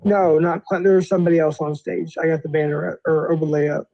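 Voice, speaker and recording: A man's voice: on the high side, steady tone, creaky, dry recording, dull audio. A man hosting a livestream in loose, rambling casual chat, often cutting in. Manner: loose, rambling, quick to interrupt. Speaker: livestream host.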